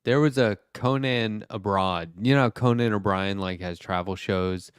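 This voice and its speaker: A man's voice: fairly low pitch, normal speed, smooth, dry recording, clean studio sound. A man hosting a casual political chat show, telling stories and acting out what people said. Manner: animated, acts out quotes, swears. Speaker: podcast host.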